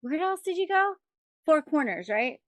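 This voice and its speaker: Middle-aged woman, podcast host, casual interview, affirming, warm, restarts phrases, high-ish pitch. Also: sing-song, moderate pace, no room sound. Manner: warm, affirming, repeats herself as she thinks.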